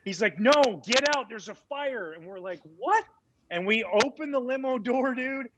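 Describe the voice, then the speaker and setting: His voice is very high and his pace moderate. A former ball player in his forties, he's guesting on a podcast and recounting a story in an animated, casual manner with many fillers.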